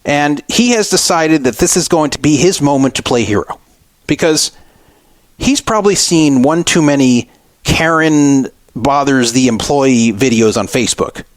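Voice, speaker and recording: A slightly high-voiced, middle-aged radio host recounts an irritating store encounter at a measured pace, re-enacting the arguments with a sense of grievance. The recording is dry.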